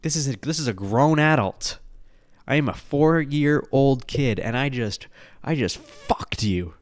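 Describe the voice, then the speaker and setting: Animated, swearing man telling stories. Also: mid-range voice, a little slow, no echo. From the Bronx, New York. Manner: animated, profane, laughing at his own stories. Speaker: podcast host. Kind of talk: casual storytelling.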